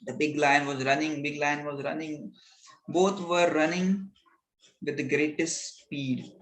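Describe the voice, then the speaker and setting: A man leading a scripture class, talking slowly and earnestly as he explains a spiritual lesson. His voice sits high for a man, and he keeps checking in with his listeners as he goes. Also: fairly even intonation, fairly bright tone, low-quality recording. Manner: earnest, repetitive with rhetorical "right?". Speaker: spiritual teacher.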